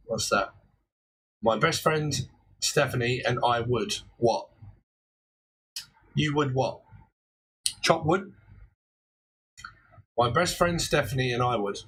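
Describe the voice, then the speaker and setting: A man's voice: mid-range voice, fairly bright tone, husky, rough recording. A man in his forties doing a chatty live-stream tarot reading, laughing often between points and breaking into theatrical quoted outbursts. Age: 40s. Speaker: tarot reader.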